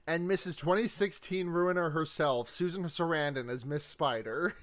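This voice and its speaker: A man's voice: fairly high pitch, normal speed, fairly bright tone. A young man co-hosting a podcast in casual chat, joking and rambling with lots of restarts. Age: young adult. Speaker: podcast co-host.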